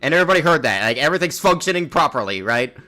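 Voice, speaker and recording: A man's voice: a little high, sing-song, racing, pushed and bright, faint music behind. A young man streaming a game in casual chat, rambling and restarting his words, with a slightly sore throat. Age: young adult.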